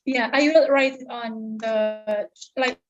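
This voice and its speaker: A woman's voice: fairly high pitch, steady tone, takes it slowly. A woman asking a lecturer questions over a video call, hesitant and apologetic, repeating herself. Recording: dull lo-fi video call audio.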